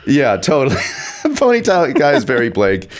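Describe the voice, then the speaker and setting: A man's voice: mid-range voice, wildly swooping pitch, normal speed. A man talks casually as a guest on a podcast, in a mid-range voice. He rambles, restarts his sentences and hunts for the right word as he goes. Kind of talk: casual chat.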